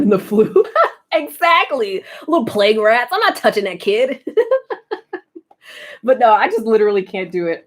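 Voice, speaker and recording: A young woman streamer with an American accent, chatting casually, telling stories and laughing often. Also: fairly low pitch. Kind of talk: casual chat.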